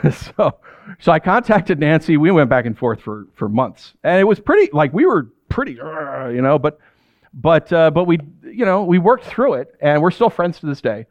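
Animated male preacher, slightly high voice. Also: normal speed, no room sound, dull audio. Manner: animated, self-deprecating storytelling. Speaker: pastor. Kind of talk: sermon.

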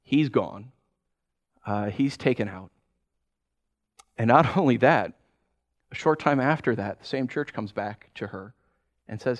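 A man's voice: medium pitch, unhurried, pauses often, dull audio. A pastor preaching a sermon, talking animatedly and acting out the people he quotes. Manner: animated, acts out quoted voices.

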